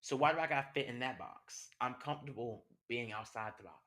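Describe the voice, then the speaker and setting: This young man hosts a podcast, his voice medium in pitch, brisk and slightly bright. He delivers a passionate, conversational personal monologue packed with rhetorical questions.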